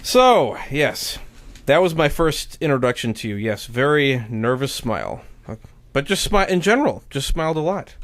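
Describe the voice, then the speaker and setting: Animated male storyteller, dry close sound. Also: mid-range voice, moderate pace, dry recording. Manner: animated, rambling anecdotes with many fillers. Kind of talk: casual chat, storytelling.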